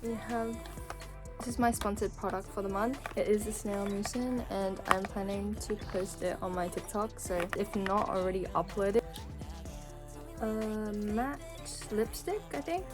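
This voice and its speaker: A woman's voice: medium pitch, measured pace. A teenage girl chatting casually as she narrates her own vlog, breezy and self-mocking. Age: teens. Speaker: vlogger. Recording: loud background music.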